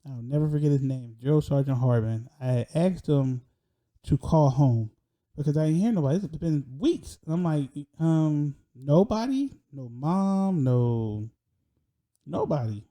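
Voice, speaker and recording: Young guy telling his own story, slangy and lively, laughs a lot, real dark mellow voice. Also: fairly high pitch, moderate pace. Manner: animated, slangy, often laughing. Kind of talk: personal storytelling monologue.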